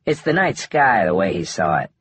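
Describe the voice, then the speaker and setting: A man voicing a wry, easygoing young man in an audiobook, in a husky, laid-back joking manner. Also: low voice, very animated, normal speed, a bit bright, no echo, full character voice. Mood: relaxed, wry. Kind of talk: audiobook dialogue.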